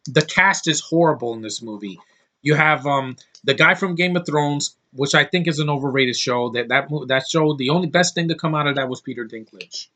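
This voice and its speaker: A man rants through a casual movie review in a bright, forceful voice. He is blunt and scornful, and he swears offhandedly as he picks things apart. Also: a little high, a little fast.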